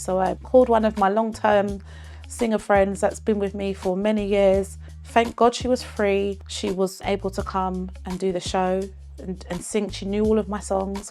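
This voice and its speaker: Woman singer, mid-pitched, earnest and expressive, recounting a personal story for her channel. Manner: earnest, expressive, faith-filled telling.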